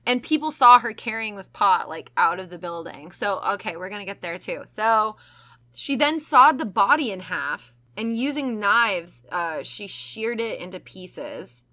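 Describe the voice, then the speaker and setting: A woman's voice: mid-range voice, unhurried. A woman co-hosting a casual true-crime podcast, retelling the case with lots of laughter and swearing. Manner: laughing, profane, animated storytelling. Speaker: podcast co-host.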